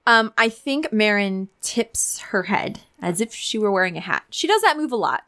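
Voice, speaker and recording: A woman's voice: medium pitch, sing-song, normal speed, sharp tone. A woman playing a tabletop role-playing game, speaking in a matter-of-fact, dry way. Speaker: player. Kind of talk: tabletop role-play chat.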